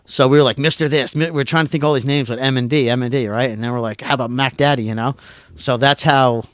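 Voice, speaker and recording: A middle-aged man from Pennsylvania tells a long story as a guest on a podcast. His delivery is casual and excitable, full of restarts and repeated words, at an everyday mid pitch. The sound is close and dry, with no room echo. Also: quick pace.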